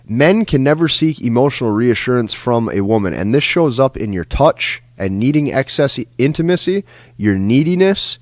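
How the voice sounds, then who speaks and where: A dating coach delivers a lecture-style advice monologue in a medium-pitched, animated voice at normal speed. He talks emphatically and repeats himself, often tagging lines with "like" and "right?". The recording is clean studio sound with no room noise.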